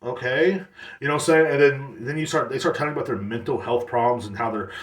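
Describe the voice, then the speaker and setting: A man's voice: medium pitch, fast talker, reverberant, distant mic. A man hosting a podcast alone, rambling casually with blunt profanity and slang. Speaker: podcast host. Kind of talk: casual solo rant.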